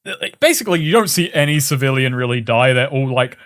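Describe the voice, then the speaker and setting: A man's voice: mid-range voice, expressive, a little fast, a bit bright. A man co-hosting a casual movie podcast, making dry, wry jokes. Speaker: podcast co-host. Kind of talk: casual movie-review chat.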